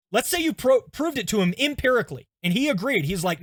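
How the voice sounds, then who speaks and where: A man, a pastor, teaching a lesson through stories in an animated, conversational way, often checking in with "okay?". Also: very high voice, quick pace, hardly any pauses, no echo.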